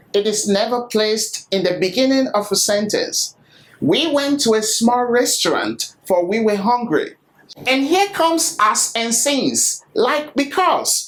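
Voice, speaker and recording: A woman reading a scripted English grammar lesson, slowly and deliberately, with example sentences. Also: fairly high pitch, poor audio. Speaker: English teacher.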